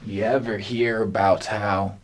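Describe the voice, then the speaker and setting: A man delivering a rambling comic monologue, halting and meandering with long pauses between phrases. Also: lowish voice, flat delivery.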